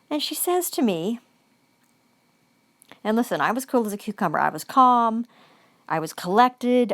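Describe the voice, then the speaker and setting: A woman's voice: medium pitch, dry recording. A woman giving an angry, profane vlog monologue, repeating phrases for emphasis.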